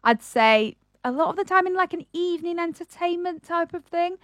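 A woman with a high, bright-sounding voice co-hosts a radio show in casual chat. She reads quiz clues playfully. The recording is dry and close. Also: animated, normal speed, no echo. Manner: playful quiz-giving, sings snatches. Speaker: radio co-host.

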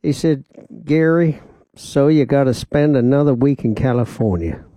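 A man's voice: mid-range voice, normal speed, mellow, no room sound. A man presenting a radio show from the studio, telling a rambling personal anecdote in a chatty way. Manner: chatty, rambling anecdotes with laughs and quoted voices. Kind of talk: casual radio storytelling. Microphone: studio microphone with headphones.

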